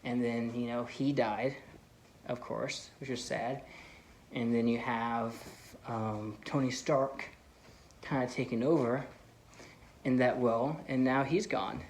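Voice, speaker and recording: A man's voice: mid-range voice, fairly even intonation, takes it slowly, darkish tone, slight background noise. Rambling, enthusiastic young-sounding film vlogger man. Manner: rambling, lots of "like" and "you know"; enthusiastic fan. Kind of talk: casual movie commentary.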